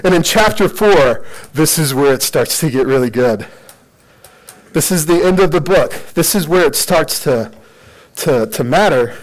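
A high-voiced man giving a casual sermon, retelling scripture with jokes and lively asides. He talks loosely and animatedly, using lots of "like.". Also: moderate pace, rough recording.

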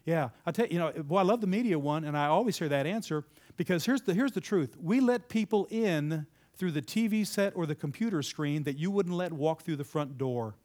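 A man's voice: a little high, animated, brisk, hardly any pauses, a little mellow. Emphatic man preaching to a live audience. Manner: conversational, asks the audience questions and repeats their answers. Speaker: speaker addressing a live audience. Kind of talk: interactive sermon-style talk.

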